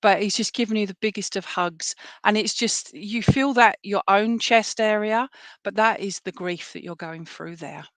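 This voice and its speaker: A woman, working as a spiritualist medium and relaying messages to people at an online service in a gentle, reassuring way, often checking in with "all right?". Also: mid-range voice, moderate pace, no echo. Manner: gentle, reassuring, full of fillers and "all right?" tag questions. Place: at home for an online church service.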